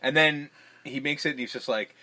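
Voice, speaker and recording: A man's voice: medium pitch, a little fast. A man co-hosting a podcast, casually retelling a movie scene by scene, acting out the lines and swearing freely. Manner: animated, acts out quoted lines, swears casually. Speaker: podcast co-host. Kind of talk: casual movie recap chat.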